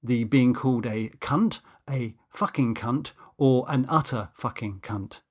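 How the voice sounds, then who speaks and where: A man's voice: mid-range voice, unhurried, slightly rough. A man voicing a pompous, touchy cinematographer who lectures in stiff, formal words. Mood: indignant.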